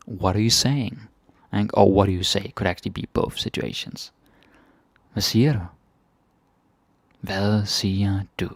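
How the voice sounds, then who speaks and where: Danish guy teaching phrases, low gravelly voice, slow and unhurried, dry close sound. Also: fairly even intonation, no echo. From Denmark. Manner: repeats phrases slowly, then explains casually. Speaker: language teacher. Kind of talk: casual language lesson.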